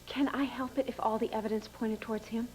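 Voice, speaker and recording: Lady playing a soothing patient sister, kinda high voice. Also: quick pace, slight background noise, natural voice, low-quality recording. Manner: calm, soothing, earnest. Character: patient, earnest older sister. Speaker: soap opera character.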